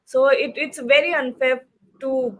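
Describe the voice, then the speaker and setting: High-voiced chatty female show co-host. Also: steady tone, unhurried, poor audio. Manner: chatty, many "you know" fillers and restarts, reads viewer comments. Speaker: co-host of a cricket talk show. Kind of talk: live post-match discussion.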